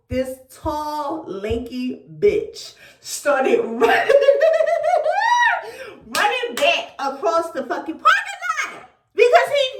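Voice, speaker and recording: A woman from Philadelphia telling a storytime vlog in an animated, profane way, acting out quoted dialogue. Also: high voice, far from the mic, slight background noise. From Philadelphia, USA. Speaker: vlogger. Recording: echoey room, voice a bit off-mic.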